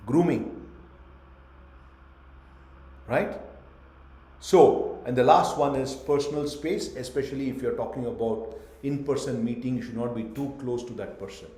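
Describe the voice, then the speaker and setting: A man's voice: mid-range voice, a little mellow. Male corporate trainer teaching over a webcam, punchy lists, roomy echo. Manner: emphatic, lists points in short bursts; asks the class questions. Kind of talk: online training lecture. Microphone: webcam on a video call.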